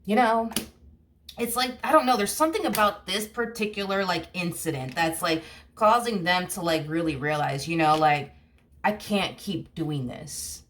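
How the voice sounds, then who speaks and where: A woman's voice: lowish voice, animated, moderate pace, a bit bright, slight background noise. A woman giving a casual tarot reading, rambling and blunt, full of fillers and the odd curse word. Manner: rambling, heavy "you know" and "like" fillers, blunt swearing. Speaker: tarot reader.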